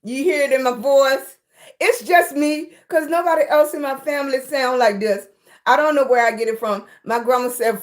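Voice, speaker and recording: A woman's voice: fairly high pitch, moderate pace. A middle-aged woman from Virginia with a Southern accent, chatting casually on a livestream and greeting viewers by name. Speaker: livestream host.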